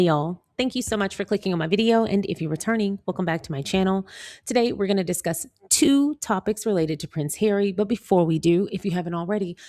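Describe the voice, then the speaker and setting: A woman's voice: on the low side, a little mellow, dry recording. An American woman vlogger chatting casually with her viewers and reading an article aloud, laughing often. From United States.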